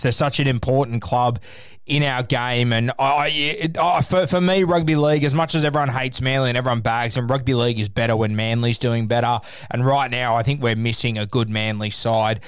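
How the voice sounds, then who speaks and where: A man's voice: mid-range voice, clean tone, no echo, clean studio sound. Chatty man giving footy tips. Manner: chatty, opinionated, with fillers. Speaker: rugby league tipster host. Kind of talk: casual podcast sports tips.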